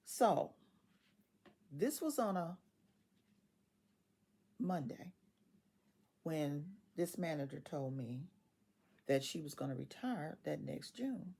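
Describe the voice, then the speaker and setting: A woman in her sixties, a retiree telling a story casually, animated and quoting others in dialogue, often laughing as she talks. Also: sits low, takes it slowly, creaky, long pauses, breathy edge.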